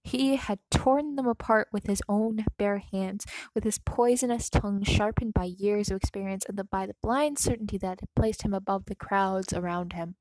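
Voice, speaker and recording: Soft-voiced woman reading a story aloud. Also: mid-range voice, normal speed, hardly any pauses, dry recording, poor audio. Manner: soft, emotional reading that drops into whispers. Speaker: narrator. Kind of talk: reading fan fiction aloud.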